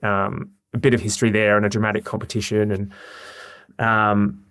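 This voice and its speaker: An Australian man in his forties, a podcast guest, telling animated stories in casual chat. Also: on the low side, normal speed, smooth, dry recording, clean studio sound. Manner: animated storyteller, lively anecdotes.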